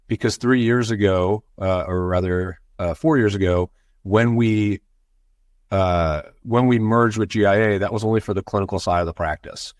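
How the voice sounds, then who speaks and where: A man who is a physician guest on a podcast, explaining things in a measured, conversational way. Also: low voice, dry recording, studio quality. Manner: measured, explanatory, with many fillers. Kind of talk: conversational interview answers.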